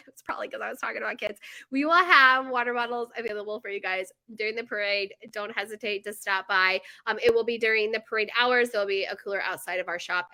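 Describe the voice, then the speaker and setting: A woman in her thirties talks straight to camera about her bakery, chatty and animated, drifting off on tangents and padding her sentences with fillers. Her voice sits high and sounds bright and crisp. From United States. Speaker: bakery owner. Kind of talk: casual chat to camera.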